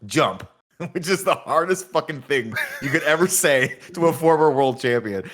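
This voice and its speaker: A man's voice: a little high, normal speed. A man co-hosting a podcast, talking about a movie with enthusiasm, swearing and acting out lines. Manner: animated, enthusiastic, profane, acts out movie lines. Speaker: podcast co-host. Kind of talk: casual movie review chat.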